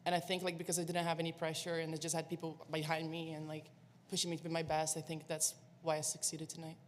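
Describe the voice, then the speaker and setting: A young woman basketball player answering questions at a postgame press conference, soft-spoken and halting, with restarts. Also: deep voice, completely flat delivery. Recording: long reverb with faint room noise.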